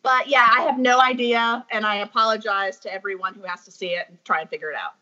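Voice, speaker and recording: A woman's voice: mid-range voice, steady tone, fast talker, bright, forceful tone. A woman who used to be a teacher, a podcast guest chatting casually, self-deprecating and giggly. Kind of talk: casual chat. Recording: dull lo-fi sound.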